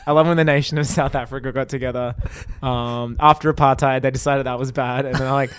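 A man's voice: mid-range voice, fairly even intonation, a little fast, clean tone. Rambling, jokey man co-hosting a podcast. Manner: rambling, jokey, riffs on film trivia. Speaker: podcast co-host. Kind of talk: casual movie chat.

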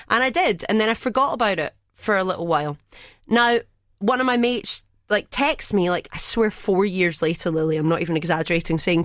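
A woman's voice: mid-range voice, moderate pace, fairly bright tone, no room sound, clean studio sound. A woman with a Scottish accent, co-hosting a casual chat and teasing her friends with frequent laughs. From Scotland. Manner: chatty, teasing, laughs often. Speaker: podcast co-host.

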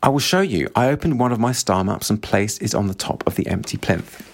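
A man reading the lines of an earnest, gentle young male scholar during a book discussion. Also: on the low side, expressive, a little fast. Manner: eager, formal wording.

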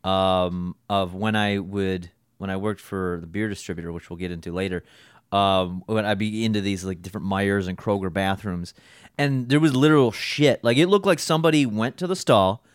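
A man's voice: deep voice, normal speed, clean tone, no room sound, clean studio sound. A young man co-hosting a casual podcast chat, rambling and swearing freely about old jobs. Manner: rambling, swears often, self-deprecating. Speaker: podcast co-host.

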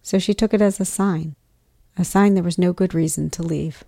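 A woman narrating a personal story in a measured, reflective way. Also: fairly low pitch, steady tone, creaky, warm tone, no room sound, studio quality.

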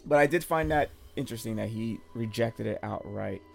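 A male podcast co-host with a wry, joking manner teases a vintage sci-fi story and laughs often. His voice sits at an ordinary pitch for a man. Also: a little fast, vocal fry, faint music behind. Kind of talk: casual chat about an old film.

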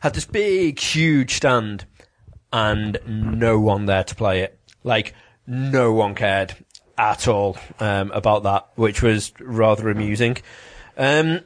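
A man's voice: on the low side, takes it slowly. Chatty man. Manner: chatty, many ums and restarts. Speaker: podcast co-host. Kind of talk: casual chat about video games.

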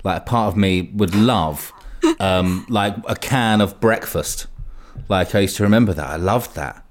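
A man's voice: deep voice, a little slow. A man co-hosting a podcast, rambling nostalgically in casual chat. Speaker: podcast co-host.

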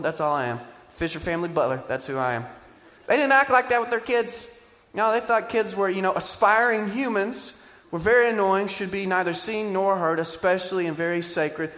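A man preaching a sermon, animated and joking, asking the crowd questions. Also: high voice. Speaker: pastor. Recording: live church sermon with hall reverb.

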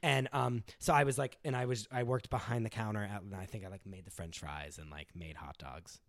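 A man from the United States in casual chat, rambling with lots of fillers and lively impressions of his mother. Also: on the low side, fairly quick, gravelly, no echo, studio quality. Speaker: guest.

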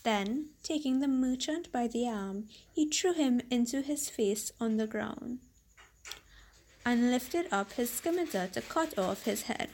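A woman who hosts a story podcast, reading a classic tale aloud in a measured, steady way. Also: fairly high pitch, poor audio. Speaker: story reader.

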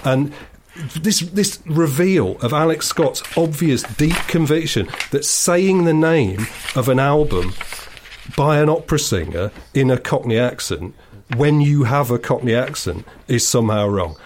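A man with a middle-pitched voice holds forth in casual chat as a co-host. He tells long digressive stories in a dry, sardonic way. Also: lively intonation, unhurried, a little hiss or hum.

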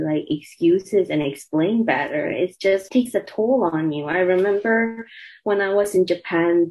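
A woman's voice: medium pitch, a little mellow, poor audio. A young woman from Myanmar, a student activist, speaking earnestly and with feeling as an interview guest, with frequent fillers. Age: young adult. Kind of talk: emotional interview conversation.

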